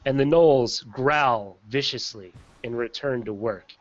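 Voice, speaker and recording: A man narrating a tabletop game as game master, in a relaxed, chatty way with frequent ums. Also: medium pitch, measured pace, no room sound. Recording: slightly dull lo-fi recording.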